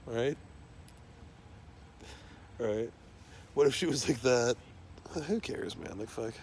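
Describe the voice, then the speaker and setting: A man's voice: medium pitch, takes it slowly, a little mellow, slight background noise. A man talking in a loose, rambling monologue, swearing constantly and trailing off into fillers and restarts.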